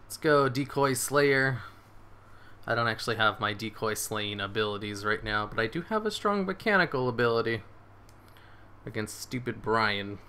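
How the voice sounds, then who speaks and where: A man giving excitable live commentary on his game, swearing and cheering his moves as he plays. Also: lowish voice, normal speed, slight background noise. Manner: excitable, swears, laughs often. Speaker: gaming streamer.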